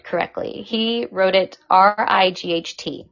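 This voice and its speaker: A woman guest on a podcast, talking casually in an animated, outspoken way with plenty of profanity, in a dull lo-fi recording. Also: mid-range voice, unhurried, vocal fry, hardly any pauses. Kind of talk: casual conversation.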